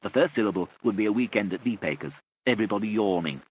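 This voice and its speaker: A man playing a talkative young man who keeps pitching clever schemes. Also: lively intonation, quick pace, husky, dull audio. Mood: animated. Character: chatty young man Stephen, full of ideas.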